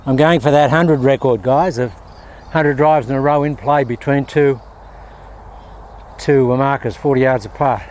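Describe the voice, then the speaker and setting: A man's voice: medium pitch, unhurried, a little mellow, slight background noise. Chatty Australian man coaching golf. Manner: chatty, upbeat, keeps calling viewers "guys". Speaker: golf instructor. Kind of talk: casual on-course golf instruction. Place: outdoor golf range in strong wind.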